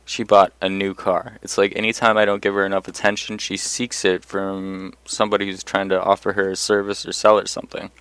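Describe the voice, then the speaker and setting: A young man tells a personal story straight to the camera, blunt and profane, getting worked up as he goes. His voice sits low and sounds smooth and clear. The sound is dry and close, with no room echo. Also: level tone, fairly quick, few pauses, a bit bright. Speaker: vlogger. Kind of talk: casual storytelling monologue.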